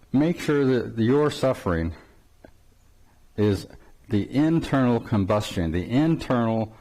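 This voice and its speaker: A man's voice: mid-range voice, expressive, takes it slowly, long pauses, a little mellow. An older man giving an informal spiritual talk, telling a story with frequent chuckles and rambling restarts. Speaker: spiritual teacher.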